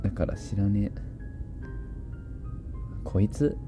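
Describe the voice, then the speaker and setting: A man hosting a livestream in a soft-spoken, laid-back way, reading chat messages and chuckling often. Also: on the low side, moderate pace, music in the background. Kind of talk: casual live chat.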